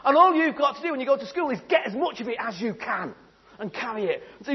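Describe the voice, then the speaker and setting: High-voiced playful storyteller man. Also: lively intonation, fast talker, husky. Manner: playful, theatrical, asks the audience questions. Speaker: storyteller speaking to children. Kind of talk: animated storytelling talk. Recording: dull lo-fi sound.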